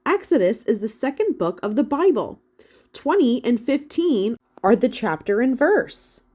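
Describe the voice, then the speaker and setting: A woman's voice: a little high, sing-song, a little slow, a little mellow, slightly rough, pitched above the performer's own voice, full character voice. A woman voicing a practical, organized boy who speaks matter-of-factly for an audiobook.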